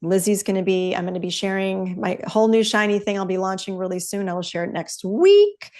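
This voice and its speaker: A woman's voice: medium pitch, expressive, brisk, darkish tone. A middle-aged woman hosting a podcast, chatting casually in an upbeat, candid way that drifts into swearing. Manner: chatty, upbeat, loose with profanity. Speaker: podcast host.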